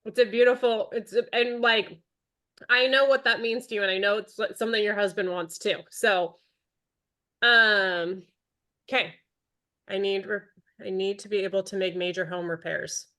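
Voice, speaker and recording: A woman's voice: mid-range voice, fairly even intonation, moderate pace, bright, forceful tone. A woman in her thirties leading an online team training call, chatty and encouraging, calling on attendees by name. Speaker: direct sales team leader.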